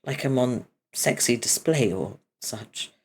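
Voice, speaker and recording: A woman with a very deep voice reads a webcomic aloud slowly, her audio carrying a slight hiss or hum. She's animated, shifting between voices for the characters and tossing in casual remarks between lines.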